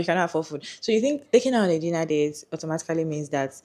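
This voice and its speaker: A woman's voice: low-pitched, expressive, rapid-fire, darkish tone. A woman ranting to camera about men and dating, emphatic and mocking, hammering her point home.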